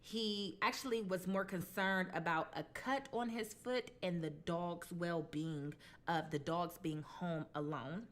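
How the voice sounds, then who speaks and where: A woman's voice: on the low side, steady tone, unhurried. A woman hosting a mukbang, casually telling a true crime story with blunt, colloquial asides. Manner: chatty, conversational, retells dialogue in quoted voices.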